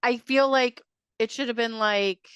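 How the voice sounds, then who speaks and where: A woman's voice: a little high, fairly even intonation, measured pace, fairly bright tone, clear, resonant tone, no echo. A woman co-hosting a podcast, making sarcastic, wry remarks about a movie. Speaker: podcast co-host. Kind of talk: casual chat about a movie.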